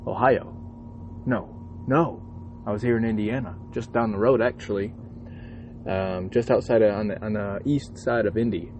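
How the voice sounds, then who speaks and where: A man's voice: on the low side, fairly even intonation, normal speed, a little mellow, slight background noise. A man, a truck driver, talking casually from his parked truck cab at a truck stop and ranting profanely with lots of energy. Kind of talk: casual vlog monologue.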